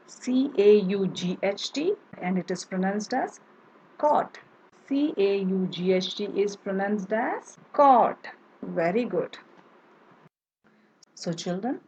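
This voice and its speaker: A woman's voice: medium pitch, a little mellow, slight background noise, poor audio. A woman teacher giving a lesson to young children, spelling out words letter by letter and praising them as they repeat after her.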